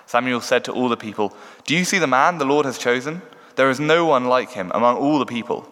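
A man giving a measured Bible reading in a church. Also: mid-range voice, expressive, a bit bright. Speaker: scripture reader. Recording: echoey church hall.

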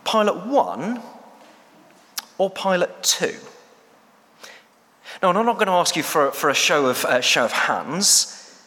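A man's voice: high voice, sing-song, takes it slowly, pauses often, bright, forceful tone. A man preaching a sermon in a church, chatty and hesitant with many fillers. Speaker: church staff member preaching. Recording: echoey church hall.

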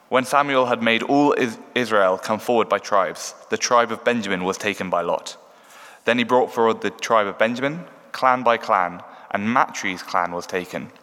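Man reading scripture in a church. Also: on the low side. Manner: measured, steady reading. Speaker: scripture reader. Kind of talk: Bible reading. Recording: echoey church hall.

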